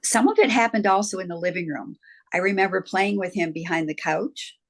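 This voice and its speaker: A woman's voice: mid-range voice, fairly quick. An older woman recounting her childhood experiences as an interview guest. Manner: earnest, reflective storytelling. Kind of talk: interview storytelling.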